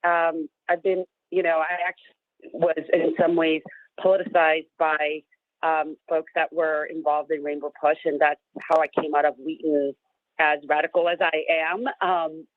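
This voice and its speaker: A woman's voice: low voice, flat delivery, normal speed, dry recording. A woman guest on a radio show, speaking earnestly with many fillers, audibly emotional and near tears. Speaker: guest, advocacy group director. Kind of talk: radio interview. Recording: thin phone line, dry.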